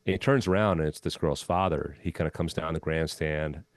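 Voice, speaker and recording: Deep-voiced guy telling a golf story on a podcast, laid back, lots of ums, dry close sound. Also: fairly quick, few pauses, no echo. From Minnesota. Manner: relaxed anecdotal storytelling with frequent "um" and "you know". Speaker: podcast guest, former golf club head pro. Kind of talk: storytelling in a conversational interview.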